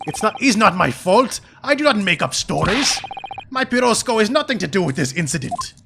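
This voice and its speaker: A man's voice: sits high, sing-song, moderate pace, gravelly, background noise, pitched above the performer's own voice, exaggerated voice. A man voicing a blunt female Russian snake keeper in a fake Russian accent and broken English. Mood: defensive. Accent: put-on Russian. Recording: game music underneath.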